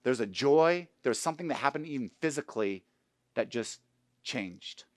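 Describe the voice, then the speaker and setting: A man preaching a sermon as pastor, telling a personal story, dropping to hushed tones and rising to loud, fervent appeals. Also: mid-range voice, expressive, moderate pace, dry recording.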